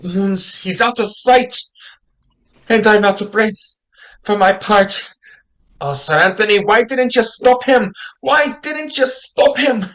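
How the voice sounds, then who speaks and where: A woman's voice: on the low side, normal speed, natural voice. A woman playing a flustered old-fashioned male country servant in a stage comedy, talking with frantic alarm.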